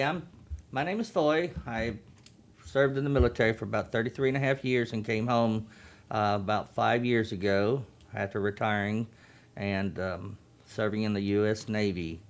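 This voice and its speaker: A man in his fifties, a Navy veteran and chaplain, earnestly explaining youth programs in a radio interview. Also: on the low side. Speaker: veterans' group chaplain and guest.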